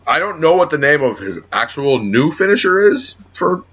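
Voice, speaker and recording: A man co-hosting a casual wrestling podcast, talking in a profane, lively way and teasing his co-host. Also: a little high, normal speed, slightly rough. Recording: dull lo-fi audio.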